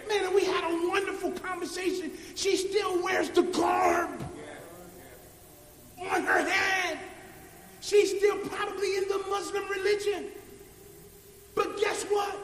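A man preaching a sermon in a church, building from quiet storytelling to shouted, sing-song climaxes. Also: very high voice, slight background noise. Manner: preaches in rising shouts with a sung cadence. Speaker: pastor. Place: church sanctuary. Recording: echoey church hall, faint ambience.

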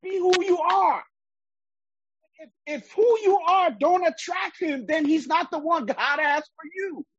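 A woman's voice: very high voice, unhurried, no room sound. A woman teaching a Bible study in the style of a sermon, reading verses aloud and then explaining them with emphasis. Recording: dull, lo-fi sound.

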